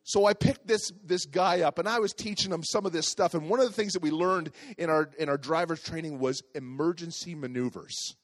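A middle-aged man telling a lively personal story as a pastor in a sermon. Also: on the high side, a little fast, few pauses. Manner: lively, animated storytelling with acted voices.

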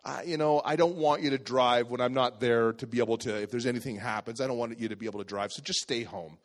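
A man voicing a cautious father who gives warnings in a low, hurried voice. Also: close to an everyday voice. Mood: stern.

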